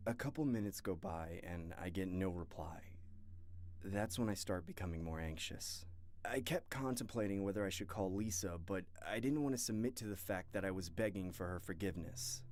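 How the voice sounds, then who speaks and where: A man reading scary stories aloud in first person at a steady pace, with a few asides of his own. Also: low voice, moderate pace. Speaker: horror story narrator. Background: faint music.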